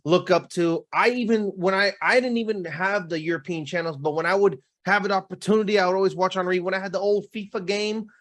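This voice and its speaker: A young man with a high-pitched voice talks in a loose, animated way on a podcast. He leans on slang and drifts into quick asides as he goes. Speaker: podcast co-host. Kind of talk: casual chat.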